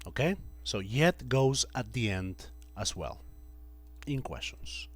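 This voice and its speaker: Slow, patient man teaching grammar. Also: mid-range voice, animated. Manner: slow, patient, repeats example sentences. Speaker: English teacher. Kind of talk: classroom grammar lesson. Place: classroom with students.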